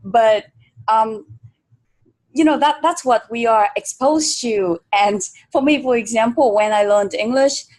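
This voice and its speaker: A woman's voice: a little high, unhurried, a little mellow. Woman hosting an interview. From Vietnam. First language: Vietnamese. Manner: thoughtful, uses many fillers. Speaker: host. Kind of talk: interview conversation.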